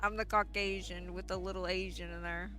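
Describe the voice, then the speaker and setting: A woman's voice: fairly low pitch, little pitch movement, a little fast, over music. A woman streamer chatting casually and playfully, often laughing as she reads chat.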